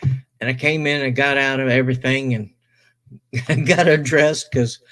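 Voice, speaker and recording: A middle-aged man casually telling a personal story, animated, swearing and quoting others in his own voice. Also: medium pitch, unhurried.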